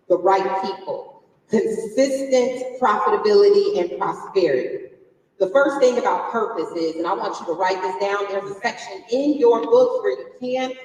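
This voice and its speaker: A woman's voice: mid-range voice, a little mellow, slight background noise. A woman in her forties giving a motivational business talk from a conference stage, quizzing the audience and telling a personal story. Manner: conversational, quizzes the crowd, emotional personal story. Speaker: conference speaker. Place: large conference hall stage. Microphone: distant from the recording mic. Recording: echoey hall captured from far off.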